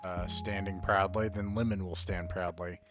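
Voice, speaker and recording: A man playing a tabletop game, describing his character's actions in a halting way. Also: deep voice, steady tone. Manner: halting, full of restarts. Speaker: player. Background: soft background music.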